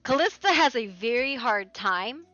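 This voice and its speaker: Woman, live streamer, casual chat, excitable, bouncy pitch, dull muffled mic. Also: measured pace, dry recording, soft background music. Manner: excitable, laughing, swings loud and soft.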